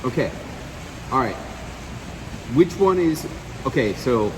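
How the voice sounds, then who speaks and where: A man coaching outdoors by a waterfall, giving emphatic, direct instructions and slowly demonstrating lines. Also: mid-range voice, expressive, noisy background. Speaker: media coach. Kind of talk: hands-on coaching session.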